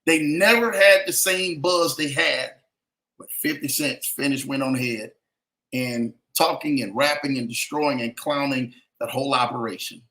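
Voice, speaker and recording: A man's voice: mid-range voice, normal speed, bright, forceful tone. A man hosting a motivational podcast, talking emphatically and repeating phrases for effect, with a preachy, keeping-it-real manner. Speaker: podcast host.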